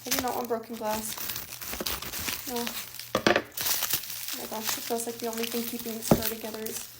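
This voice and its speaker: Young woman unboxing-vlog host, high-ish voice, breathless gushing, loud crinkle and tearing of packaging all around. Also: normal speed, heavy background noise. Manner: excitable, gushing exclamations. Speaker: jewelry unboxing vlogger. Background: crinkling, tearing packing material.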